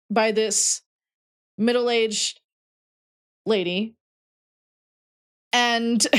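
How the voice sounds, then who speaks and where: A young adult woman streamer telling a rambling story in a casual, chatty way. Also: medium pitch. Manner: chatty, rambling, heavy "like" fillers. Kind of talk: casual storytelling while playing.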